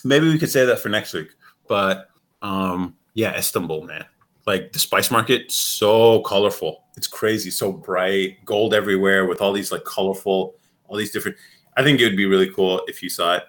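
A man from the United States chats casually as co-host, rambling and animated, with plenty of swearing and laughter. His voice sits a bit low. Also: moderate pace. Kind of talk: casual chat.

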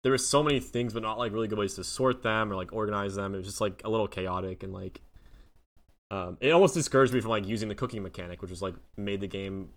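A man's voice: fairly low pitch, fast talker. A man co-hosting a podcast, chatting casually and eagerly about games. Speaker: podcast co-host. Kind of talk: casual chat.

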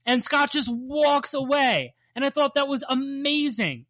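Bright, jokey podcast co-host. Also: high voice, a little slow, few pauses, dry recording. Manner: rambling, jokey, swears casually; laughs often and plays up bits. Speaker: podcast co-host recapping a cartoon. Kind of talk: casual podcast chat.

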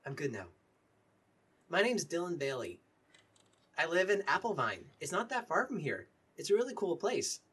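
A man's voice: fairly high pitch, very animated, moderate pace, long pauses, fairly bright tone, breathy edge, full character voice. A man doing a jittery chatty young guy. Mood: nervous. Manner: stammering, jittery.

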